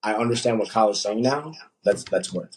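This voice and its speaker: A young man, a coach, chatting casually on a podcast, telling animated stories and acting out what people said. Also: fairly low pitch, brisk, slightly rough, low-quality recording. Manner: animated storytelling, acts out quotes.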